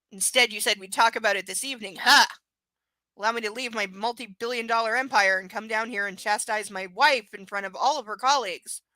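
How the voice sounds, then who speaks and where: A woman's voice: mid-range voice, bright, forceful tone, no room sound, poor audio. A woman reading a novel aloud live, breaking off into sarcastic, swearing asides.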